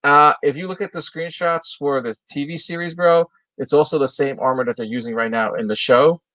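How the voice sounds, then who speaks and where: A man's voice: on the high side, brisk, fairly bright tone, no echo, poor audio. A man co-hosting a toy news livestream, talking casually and loosely with a lot of enthusiasm. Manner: chatty, enthusiastic, loose and rambling. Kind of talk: casual chat.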